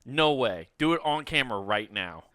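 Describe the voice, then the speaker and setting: A man's voice: mid-range voice, animated, normal speed, sharp tone, smooth, no room sound, clean studio sound. A man hosting a podcast in casual chat, self-deprecating, swearing a lot and laughing often. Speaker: podcast host.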